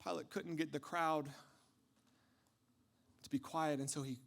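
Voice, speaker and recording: A man delivering a dramatic first-person storytelling monologue, impassioned, swinging from hushed tones to shouting. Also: fairly high pitch, steady tone, measured pace, vocal fry.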